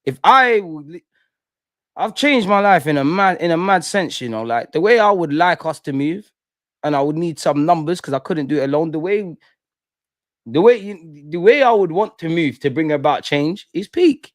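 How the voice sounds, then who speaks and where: Young male host, heated slangy rant, higher pitch, dry room. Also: lively intonation, normal speed, dry recording. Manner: impassioned, repetitive, slangy ranting. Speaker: fan channel host. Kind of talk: emotional fan rant to live stream.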